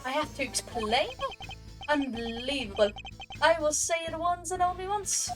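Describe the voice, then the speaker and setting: A woman's voice: sits high, fairly even intonation, moderate pace, music in the background, voice pushed up, natural voice. Woman doing a pompous rich art dealer. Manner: pompous, clipped, condescending. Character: haughty wealthy male art dealer.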